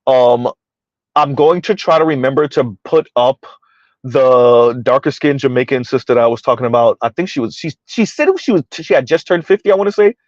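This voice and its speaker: A man's voice: medium pitch, a little fast, no echo. Chatty man with a dull lo-fi mic. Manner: rambling, conversational, reads chat aloud. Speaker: commentary streamer. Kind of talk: casual live-stream commentary.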